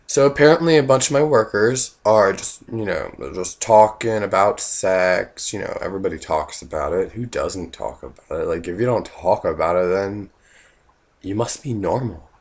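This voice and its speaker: A hoarse man who is losing his voice, telling a funny work story in a rambling, casual way. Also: deep voice, animated, moderate pace. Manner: rambling, full of "like" and "you know", voices in the quotes. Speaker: vlogger.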